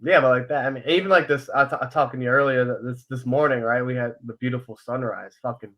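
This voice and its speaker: A man's voice: medium pitch, fairly even intonation, fast talker, fairly bright tone. A young man co-hosting a casual podcast, talking earnestly and openly about his feelings, full of fillers and swearing. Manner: rambling, filler-heavy, swears freely. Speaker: podcast co-host.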